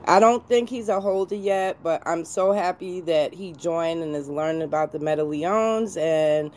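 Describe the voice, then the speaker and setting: A woman's voice: fairly low pitch, moderate pace, darkish tone. A woman speaking as a guest in an online audio room, effusive with her greetings.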